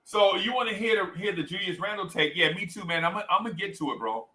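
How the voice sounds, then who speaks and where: On a low-quality recording, a livestream host talks at a quick pace in a voice that sits high. He animatedly tells a story, voices the people in it, and reads chat comments aloud.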